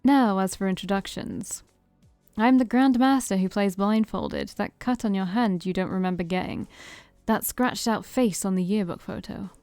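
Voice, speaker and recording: A smug vampire man talks slowly and emphatically, like a theatrical preacher who teases his listener. A woman reads him in her own mellow voice. Soft music plays faintly behind, and the sound is dry and close. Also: medium pitch, dry recording, lightly acted. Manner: slow, emphatic, teasing.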